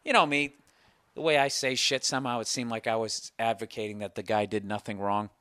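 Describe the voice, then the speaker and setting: A man's voice: fairly low pitch, a little fast, dry recording. Profane ranting man on a podcast. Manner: profane, ranting, animated storyteller. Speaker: podcast host. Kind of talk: casual comedic podcast chat.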